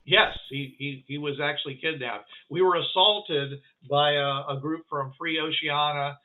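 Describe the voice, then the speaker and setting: A man playing an apologetic, reassuring military captain who talks haltingly with many filler sounds. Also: a little high, steady tone, lightly acted. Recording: thin phone-like line.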